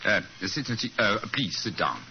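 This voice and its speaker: An actor playing a British detective who puts on a German accent to pass as a count in a 1940s radio play, formal and courtly. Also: male voice, on the low side, animated, a little slow. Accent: put-on German accent. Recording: muffled 1940s radio broadcast, faint hiss.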